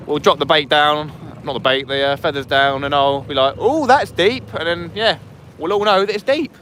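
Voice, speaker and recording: A man's voice: a little high, fairly quick, pushed and bright. A young man, chatting casually with viewers while out fishing on a small inflatable boat. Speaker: fishing vlogger. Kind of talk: casual live-stream chat. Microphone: camera on the boat. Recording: wind and boat engine noise.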